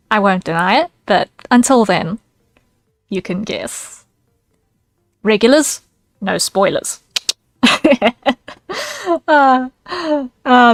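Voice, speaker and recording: A woman's voice: mid-range voice, dry recording. A woman streaming as a VTuber, chatting casually with her viewers, giggling and thanking them by name.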